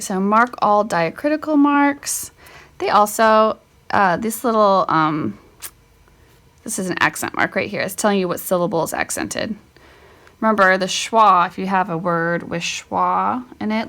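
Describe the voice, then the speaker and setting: A middle-aged woman teaches spelling in a casual, unhurried way. She thinks aloud as she works, pauses, and corrects herself with chatty asides. Her pitch sits in an ordinary middle range. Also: a bit bright. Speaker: homeschool teacher. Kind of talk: casual spelling lesson walkthrough.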